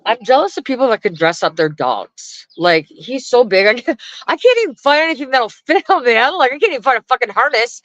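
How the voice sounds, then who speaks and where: A woman's voice: a little high, brisk, no echo. Blunt, profane woman ranting on a vlog. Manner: blunt, profane, animated, laughing often. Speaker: vlogger. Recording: dry, dull lo-fi sound.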